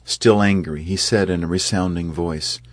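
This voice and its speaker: A man reading an epic tale aloud in measured scripted narration, lifting his voice for the quoted speeches. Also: low-pitched, slightly rough, no echo, studio quality.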